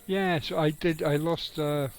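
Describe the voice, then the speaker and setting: A man's voice: on the high side, steady tone, measured pace, clean tone, low-quality recording. A middle-aged man, giving rambling, casual live commentary on his game and chatting with viewers, swearing now and then. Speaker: game streamer.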